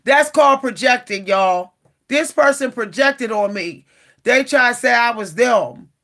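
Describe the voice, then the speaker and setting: A woman talking casually to camera as a vlogger, animated and exasperated, often repeating herself and calling out to her viewers. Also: fairly high pitch, a little slow.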